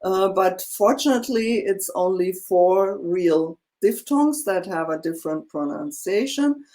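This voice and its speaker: A teacher, patiently tutoring one student, slow and full of fillers. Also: medium pitch, lively intonation, darkish tone. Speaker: German teacher. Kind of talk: one-on-one language lesson.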